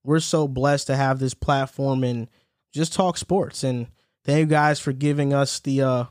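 A man's voice: mid-range voice, steady tone, smooth, dry recording, clean studio sound. A young man hosting a casual sports podcast, chatting with friends, telling a story through laughs and rattling off a ranked list. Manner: laughs while telling stories, reads lists quickly. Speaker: podcast host.

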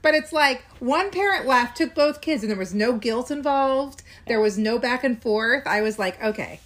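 Chatty mom co-hosting a podcast. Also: female voice, on the high side, lively intonation, moderate pace. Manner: chatty, acts out quoted dialogue in voices. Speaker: podcast co-host. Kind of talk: casual chat about a cartoon.

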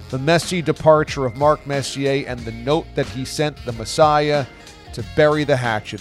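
Punchy male podcast host narrating. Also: a little high. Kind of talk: scripted narration and interview.

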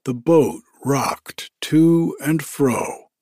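A man reading a story aloud in a slow, deliberate storytelling manner. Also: medium pitch, sing-song, a little mellow, slightly rough, no room sound, studio quality.

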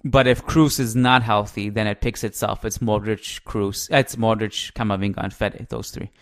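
A man's voice: fairly low pitch, fairly even intonation, normal speed. Chatty man hosting a podcast. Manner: chatty, laughs easily, thinks aloud with restarts. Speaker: podcast host. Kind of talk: casual chat.

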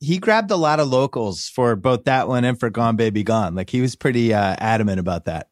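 Podcast host man, mid-pitched and dry. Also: lively intonation, a little fast, no room sound. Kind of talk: casual sports podcast chat.

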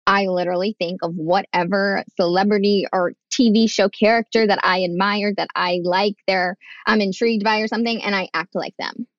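A woman's voice: medium pitch, normal speed, few pauses. A young woman talks candidly as a podcast guest, acting out the voices of people in her stories with a frank, sometimes profane edge. Her voice comes through dull and slightly lo-fi, with a dry, close sound and no room echo. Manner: animated, acts out quoted voices, frank and profane. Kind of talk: candid conversational storytelling.

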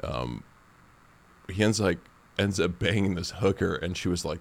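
Low-voiced man chatting loosely. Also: animated, moderate pace, vocal fry. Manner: rambling, lots of "like" fillers. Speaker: podcast host. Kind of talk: casual chat.

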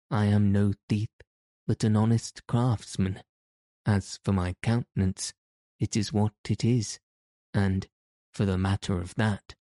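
A man's voice: fairly low pitch, dark tone, no echo, studio quality. A man voicing a stubborn, fearless tanner who talks back defiantly in old-fashioned speech. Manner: defiant, archaic retorts.

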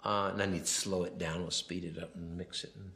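Man with a deep, gravelly voice. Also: level tone, a little fast, bright, forceful tone. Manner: rambling, anecdotal, quotes himself. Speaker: film director. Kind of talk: film commentary.

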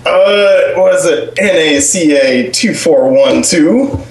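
A tipsy man with a slightly high voice rambles and giggles through casual chat, his words slurring a little. He calls in over a desk microphone, so he sounds echoey, as if he were in a bare room. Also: slow pace. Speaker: caller. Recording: echoey desk mic on a call.

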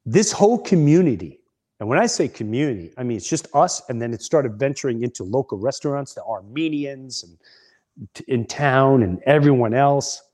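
A man's voice: medium pitch, expressive, moderate pace, a little mellow. A middle-aged man, a comedian hosting a podcast, telling a story in a casual, rambling way with frequent restarts.

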